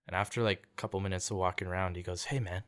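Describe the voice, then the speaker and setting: A man's voice: deep voice, fairly even intonation, racing, fairly bright tone. A young man from Canada telling a story in casual podcast chat, laid-back, peppering his talk with "like" and "dude" and acting out quotes. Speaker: podcast guest, singer-songwriter.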